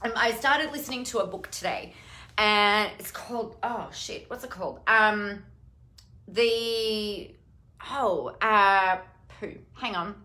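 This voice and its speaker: A woman's voice: medium pitch, expressive, slow, bright, forceful tone. A woman hosting a casual solo podcast, talking bluntly and swearing freely as she rambles with lots of fillers. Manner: rambling, many fillers and restarts. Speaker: podcast host.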